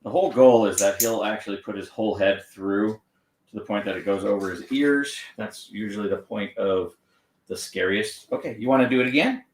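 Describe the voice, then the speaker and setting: A man training a dog on camera, gently encouraging it and explaining each step. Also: on the low side, moderate pace, distant mic. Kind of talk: live training demonstration with explanation. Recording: echoey room, off-mic, faint noise.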